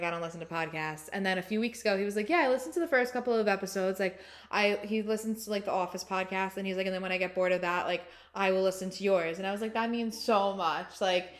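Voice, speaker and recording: Chatty woman podcast co-host. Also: medium pitch. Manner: chatty, filler-heavy, laughs often. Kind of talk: casual chat.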